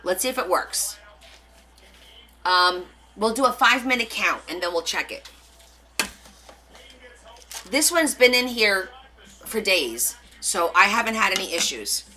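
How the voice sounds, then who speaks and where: Bright, chatty woman hosting a craft stream. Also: mid-range voice, lively intonation, a little slow, long pauses, rough recording. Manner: chatty, giggly, reads and answers viewer comments. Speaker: craft livestream host. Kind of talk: casual live demo chat with viewers.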